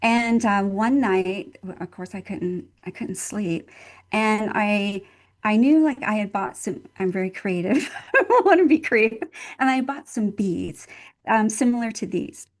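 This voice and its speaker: Older woman, nurse and interview guest. Earnest, heartfelt, mid-pitched storyteller who repeats herself for emphasis. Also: takes it slowly. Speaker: summit guest speaker, nurse. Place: at home in Texas.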